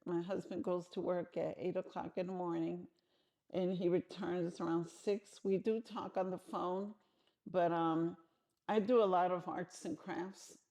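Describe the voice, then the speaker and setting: A woman's voice: lowish voice, fairly even intonation, a little slow, dark tone. A middle-aged woman answering interview questions frankly and conversationally, often restarting her sentences.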